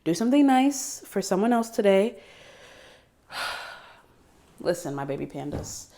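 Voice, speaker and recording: A woman's voice: medium pitch, very animated, slow pace, warm tone. A young woman chatting to camera in a casual vlog, bubbly and giggly, with lots of fillers, recorded indoors at home. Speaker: vlogger.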